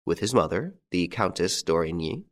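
A man playing a calm, masterful gentleman rescuer, courteous and commanding. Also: low voice, normal speed.

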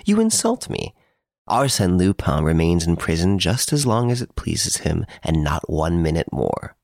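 A man voicing a suave gentleman thief who mocks the detective from his prison cell, urbane and playfully boastful. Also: low voice, sing-song, a little slow, vocal fry, no room sound, clean studio sound, full character voice. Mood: teasing, smug.

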